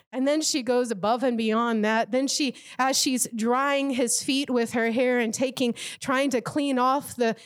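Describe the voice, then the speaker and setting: Higher-voiced woman preaching a sermon. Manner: vivid storytelling, acts out imagined quotes.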